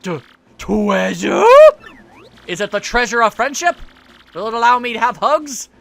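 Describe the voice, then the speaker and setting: A man voicing a loud, grumpy giant turtle king villain who blusters and shouts in a comic way. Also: sits high, animated, measured pace, creaky, full character voice. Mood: blustering.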